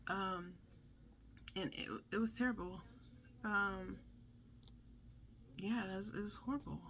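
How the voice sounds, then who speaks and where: A woman's voice: mid-range voice, takes it slowly, a little hiss or hum. A young woman telling a candid storytime about her son's hospital stay, talking chattily and acting out the people she quotes. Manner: chatty, animated, acts out quotes.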